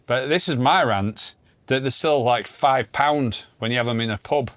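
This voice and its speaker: A man chatting casually as a co-host. He is jokey and easygoing, at an average pitch, and the recording sounds dry and close with little room sound. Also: moderate pace, fairly bright tone, dry recording. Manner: jokey, reads jokes aloud with chuckles. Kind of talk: casual chat.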